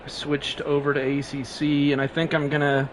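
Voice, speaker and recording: A man's voice: fairly high pitch, monotone, moderate pace, slight background noise. A man streaming a racing game live, chatting casually and rambling with frequent laughs, sleep-deprived and coughing.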